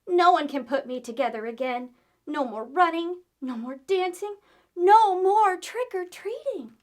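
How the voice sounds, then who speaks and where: Storybook skeleton lad, eager and bright-voiced, high with big swoops , read by a woman. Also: moderate pace. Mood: pleading. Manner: eager, excitable, exclaiming. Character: cheerful young male Halloween skeleton.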